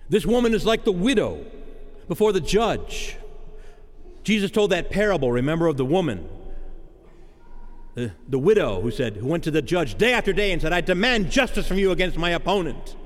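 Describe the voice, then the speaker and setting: A man's voice: on the high side, very animated, normal speed, long pauses, in a large hall. A man preaching a sermon in a dramatic cadence, acting out the voices of the people he quotes.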